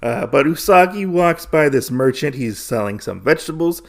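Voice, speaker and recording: A man's voice: fairly high pitch, expressive, gravelly. A man hosting a podcast, recapping a comic book in a casual, rambling way, full of fillers and restarts. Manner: acts out characters' lines in quick voices. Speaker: podcast host.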